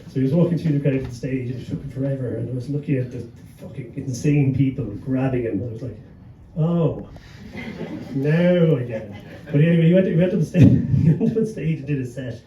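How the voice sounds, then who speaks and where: A man's voice: mid-range voice, fast, few pauses, mellow, lo-fi sound. An Irish man, a gig promoter on a live panel, telling an anecdote and swearing freely, chuckling as he goes. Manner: swears freely, chuckles through his story. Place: pub venue with a live audience. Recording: echoey room, mic at a distance, background hum.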